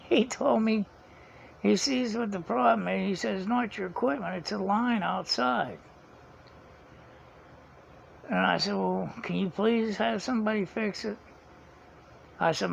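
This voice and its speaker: Guy vlogging, real gravelly and kinda high, chuckles a lot, dull lo-fi audio w faint hiss. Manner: rambling, chuckles often, retells dialogue. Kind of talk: casual storytelling.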